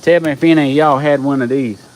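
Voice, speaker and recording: A man, chatting casually with viewers on a live stream, folksy and excitable. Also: mid-range voice, quick pace, rough recording. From Georgia, US. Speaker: livestream host.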